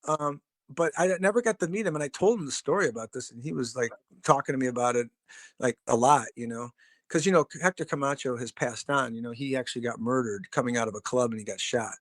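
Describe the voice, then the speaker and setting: A man's voice: medium pitch, fast talker, a bit bright, no room sound, studio quality. A middle-aged man, a drummer and podcast guest, telling stories casually in a rambling, profane, laid-back way with lots of fillers. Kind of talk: casual storytelling.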